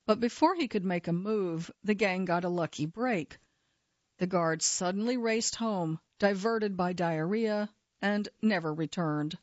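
A woman narrating a true-crime story in a measured, steady scripted delivery. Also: medium pitch, dry recording. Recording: slightly dull, dry studio sound.

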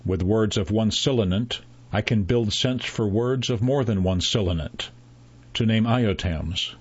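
A man narrates a story at a slow, deliberate pace, his voice low and a little husky. The recording sounds slightly dull and lo-fi. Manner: measured, unhurried storytelling with voiced dialogue.

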